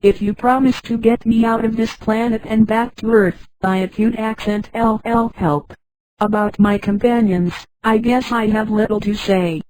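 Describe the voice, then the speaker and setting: A woman reading the lines of a grown man stranded on another planet, in a flat, even synthetic voice. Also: on the high side, moderate pace, lightly acted, poor audio.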